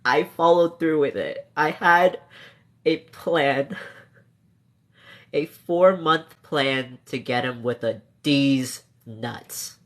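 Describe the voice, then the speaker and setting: A man's voice: mid-range voice, very slow. Emotional young male streamer, choked up. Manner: emotional, tearful, laughing between words; reads chat comments aloud softly. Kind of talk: casual live-stream chat.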